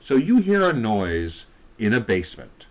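A man's voice: lowish voice, wildly swooping pitch, unhurried, muffled recording. A man co-hosting a casual podcast chat, recapping a TV episode and acting out the characters' lines in jokey voices. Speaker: podcast co-host.

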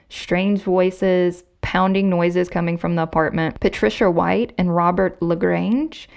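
A woman's voice: fairly low pitch, creaky, a little mellow. A woman hosting a podcast, casually recounting a true crime case to her co-host and reading quotes with emphasis. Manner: conversational, reads quotes with emphasis.

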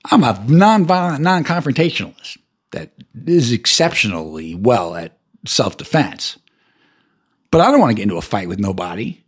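An angry man rants alone on his podcast, swearing constantly. His husky voice swings through a wide pitch range and jumps up high whenever he gets worked up. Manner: profane, ranting, voice jumps high when heated. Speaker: podcast host. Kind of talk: angry solo rant.

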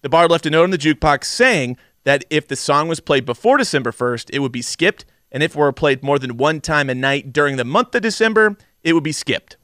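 A man's voice: a little high, expressive, fairly quick, hardly any pauses, a bit bright, dry recording, clean studio sound. A man hosting a casual movie review podcast, bantering and swearing as he jokes with his co-host.

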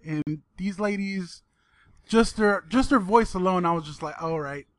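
A man's voice: sits high, normal speed, no echo, studio quality. A man co-hosting a podcast, joking and laughing often in profane, casual banter. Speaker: podcast co-host.

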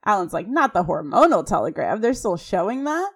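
A woman co-hosts a casual podcast and walks through a sitcom episode scene by scene. She rattles off quoted lines quickly and animatedly, with a light conversational tone. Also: mid-range voice, sing-song, breathy edge. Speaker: podcast co-host. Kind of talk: casual recap chat.

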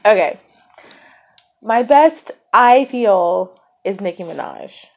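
A woman's voice: mid-range voice, expressive, takes it slowly, dull audio. A woman co-hosting a podcast in casual chat, easygoing and matter-of-fact.

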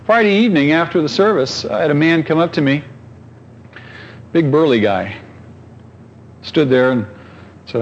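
A man's voice: a little high, animated, normal speed, pauses often, muffled recording, slight background noise. A pastor preaching a conversational sermon, asking his congregation questions and telling stories.

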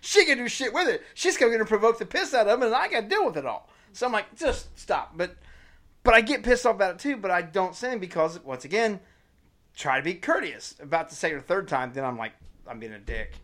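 A podcast co-host in a casual chat, talking quickly and with plenty of swearing. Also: mid-range voice. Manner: fast, animated, profane.

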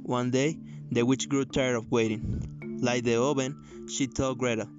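A man with Spanish as his first language reads a fairy tale aloud in a quick, even way. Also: medium pitch. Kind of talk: reading a story aloud. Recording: muffled recording from off the mic, loud music.

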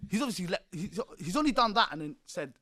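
A man's voice: high-pitched, sing-song, fast, bright, forceful tone, no room sound. A man in his twenties, a podcast guest telling a story in slangy talk and often laughing as he goes. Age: 20s. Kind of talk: animated storytelling.

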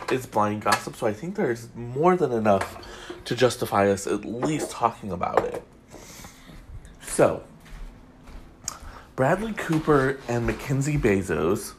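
Guy doing a gossip podcast, slow and chatty, voice goes all up and down, lots of ums. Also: medium pitch, noisy background. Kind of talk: casual celebrity gossip chat. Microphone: studio mic.

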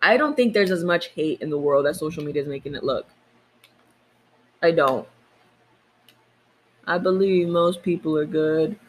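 A woman's voice: sits low, moderate pace, pauses often. A woman co-hosting a casual podcast, outspoken and swearing freely, from the United States. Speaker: podcast co-host. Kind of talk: casual chat.

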